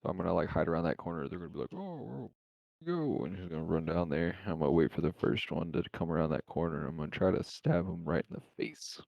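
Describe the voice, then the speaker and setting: A man's voice: sits low, level tone, racing, gravelly, hardly any pauses, no echo. A man playing a tabletop game, explaining his moves in a laid-back, rambling way. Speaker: player. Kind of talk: casual tabletop game chat. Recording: dull lo-fi mic.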